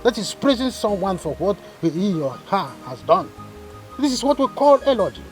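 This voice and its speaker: A man's voice: high voice, very animated, moderate pace. An actor playing a pompous male family doctor who mangles fancy words. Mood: smug. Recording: echoey room with music underneath.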